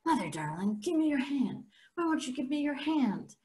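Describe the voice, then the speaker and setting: A woman's voice: sits high, sing-song, normal speed, a little mellow, pitched above the performer's own voice. Brief: woman voicing bored teen boy, teasing and sarcastic. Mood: mocking.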